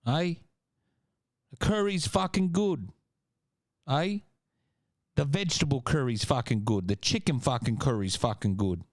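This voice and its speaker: A man's voice: mid-range voice, unhurried, long pauses, no echo, studio quality, voice pushed up, natural voice. A man voicing a brash, taunting male London local in a mock London accent, swearing and jeering.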